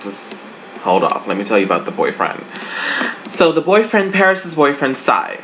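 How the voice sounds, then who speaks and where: An adult speaker giving a sassy, gossipy casual review, swinging the pitch up and down for effect. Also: big pitch swings, moderate pace, noisy background. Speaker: online show reviewer.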